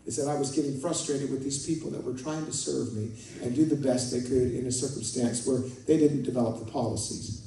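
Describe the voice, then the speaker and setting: A man's voice: medium pitch, fairly even intonation, a little fast, hardly any pauses, dark tone. A male pastor preaching a conversational sermon, telling stories and calling out to his congregation. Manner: conversational, storytelling, rising to fervent prayer. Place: church sanctuary. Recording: echoey church hall from far off.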